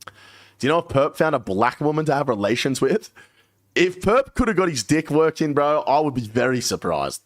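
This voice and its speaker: A young man on a live stream, talking casually with his viewers. His voice sits a bit high and swings widely in pitch as he spins profane, laugh-filled anecdotes. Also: very animated, moderate pace, no echo, studio quality.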